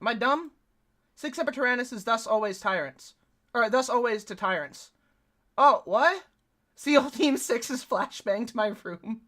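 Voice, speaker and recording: Excitable high-voiced woman streamer. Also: a little slow. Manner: excitable and talkative, swears freely. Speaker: live streamer reacting to a video. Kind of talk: casual stream reaction.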